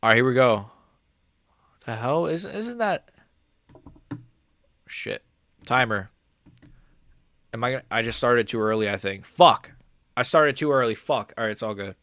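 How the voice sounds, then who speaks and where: A man's voice: medium pitch, lively intonation, unhurried, long pauses, fairly bright tone, no room sound, studio quality. A man hosting a live stream, reacting to a fight in a casual, rambling, profane way.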